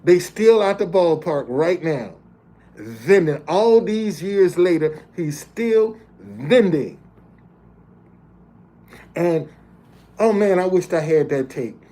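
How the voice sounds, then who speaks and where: A man's voice: high-pitched, lively intonation, slow pace, long pauses, dark tone. A man in his fifties or older telling a personal story as a motivational speaker. He talks plainly to his listeners and often stops to repeat words as he builds a point. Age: 50s or older. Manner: plain-spoken, addresses listeners directly. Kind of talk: storytelling monologue.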